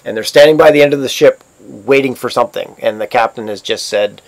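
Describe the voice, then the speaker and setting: A man narrating as game master for an online tabletop game, halting with many fillers and restarts. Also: mid-range voice, gravelly. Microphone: online voice chat.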